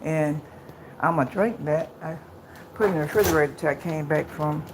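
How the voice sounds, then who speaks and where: A woman with a deep voice talks fairly quickly over a noisy background, chatting casually on a live phone stream as a vlogger. She walks outdoors and then continues at home, rambling, repeating phrases, and sounding out of breath from the walk, all captured on her phone camera.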